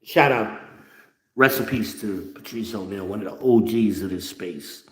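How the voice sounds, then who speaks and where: A man giving blunt, profane relationship advice in an animated, lecturing monologue. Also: fairly low pitch, a little slow, roomy sound. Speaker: online commentator.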